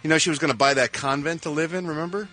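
Punning man with a bright voice. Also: on the high side, steady tone, very fast, faint music behind. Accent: Philadelphia. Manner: playful, punning, laughs at own jokes. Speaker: showbiz news host. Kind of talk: radio show banter.

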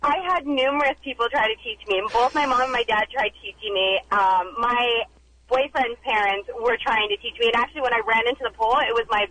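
A woman's voice: fairly high pitch, fairly even intonation, brisk, pushed and bright, slight background noise, poor audio. A woman calling in to a radio show, answering in a sheepish, matter-of-fact way. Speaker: caller. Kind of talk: phone-in call.

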